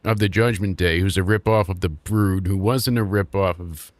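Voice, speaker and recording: A man's voice: low voice, steady tone, moderate pace, no room sound. A young man hosting a casual wrestling review podcast, recapping with crude sarcasm and acting out quotes.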